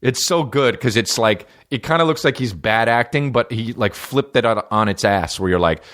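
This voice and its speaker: A man's voice: medium pitch, animated, moderate pace, hardly any pauses, fairly bright tone. A middle-aged man hosting a podcast, rambling loosely through tangents with lots of swearing and restarts. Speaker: podcast host. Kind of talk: casual rambling monologue.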